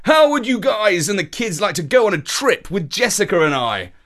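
Man doing a loud, eager rich uncle. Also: high-pitched, big pitch swings, a little slow, pitched above the performer's own voice, heavily acted.

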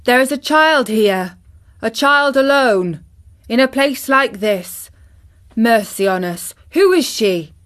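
A woman's voice: fairly high pitch, unhurried, close to an everyday voice. A woman voicing a large, tired army officer who exclaims in shock during a storybook reading. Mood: startled. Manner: startled, exclaiming.

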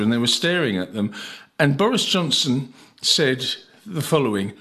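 A man's voice: fairly high pitch, expressive, normal speed, bright, forceful tone, breathy edge. A man from England, a broadcaster hosting an interview and telling a story in a chatty, anecdotal way. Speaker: host, broadcaster.

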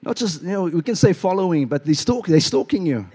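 Animated pastor preaching, mellow voice. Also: male voice, high-pitched, a little fast, husky. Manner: animated, playful storytelling with acted-out voices. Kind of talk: sermon. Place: church.

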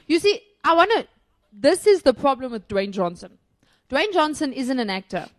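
A woman's voice: high-pitched, very animated, normal speed. Opinionated woman reviewing a film. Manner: opinionated, emphatic, laughs often. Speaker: podcast co-host. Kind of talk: casual film review chat.

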